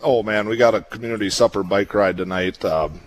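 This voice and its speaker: A man's voice: fairly low pitch, brisk. A man, a small-town mayor being interviewed on radio, talking in a laid-back, matter-of-fact way. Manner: laid-back, lists events plainly.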